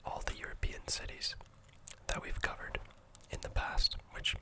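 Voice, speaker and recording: A host with a Canadian accent whispering softly through a relaxed ASMR map tour, gently hesitant. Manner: soft, unhurried, gently hesitant with fillers.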